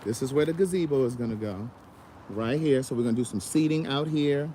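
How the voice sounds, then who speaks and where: A man hosting a casual outdoor livestream, talking directly to his viewers in an animated, chatty way. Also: mid-range voice, fairly quick, slight background noise. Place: outdoors in a yard.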